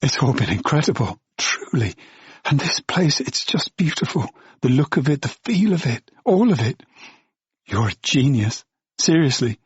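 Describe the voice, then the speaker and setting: Casting: man putting on a gushing, breathless young woman for an audiobook, husky and pitched up, dry and a bit muffled. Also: sing-song, normal speed, dry recording. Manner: breathless, effusive.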